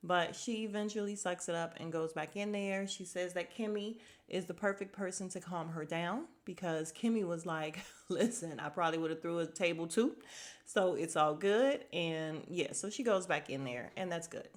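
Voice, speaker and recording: A woman with a slightly low voice talks through a reality-show episode in a casual podcast recap. She is opinionated and chatty, and she slips into quick impressions of what the cast said. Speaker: podcast host.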